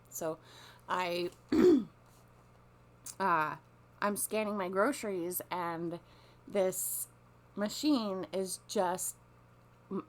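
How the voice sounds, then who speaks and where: A woman with a fairly low voice tells a story in a loose, casual monologue. She rambles and swears freely, doubling back and restarting her sentences as she goes. A faint hum sits under her voice. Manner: rambling, profane, full of restarts. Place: lives on a small coastal peninsula.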